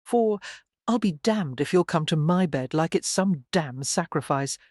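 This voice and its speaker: A narrator voicing a proud, surly young gentleman in an audiobook, speaking gruffly and acidly. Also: mid-range voice, expressive, measured pace, no echo, studio quality. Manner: gruff, acid, frustrated. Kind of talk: audiobook character voice.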